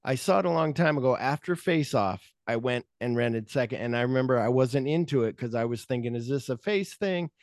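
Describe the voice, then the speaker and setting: A man of middling pitch hosts a movie podcast, talking in a loose, meandering way and leaning on filler words as his thoughts wander. The mic sound is close and dry, with no room around it. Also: a little fast, few pauses, no room sound. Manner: rambling, loose, heavy on fillers. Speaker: podcast host. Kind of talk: casual film chat.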